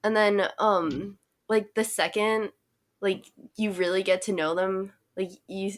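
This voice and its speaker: A woman's voice: mid-range voice, fairly even intonation, slow. A young woman co-hosting a podcast, chatting casually and wryly with lots of filler words. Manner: laid-back, wry, lots of "like" fillers. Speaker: podcast co-host. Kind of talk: casual chat.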